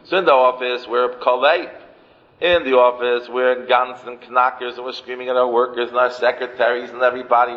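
A man's voice: mid-range voice, level tone, fairly quick. A man giving a sermon as a rabbi. He repeats phrases for emphasis and mixes in Yiddish and Hebrew terms. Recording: muffled, with long hall reverb.

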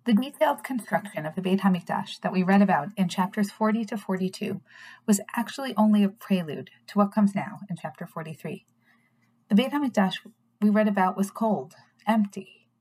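A woman giving a recorded scripture lesson, reading verses in Hebrew and translating them in a measured, earnest way. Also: medium pitch, a little mellow, breathy edge. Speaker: Torah teacher.

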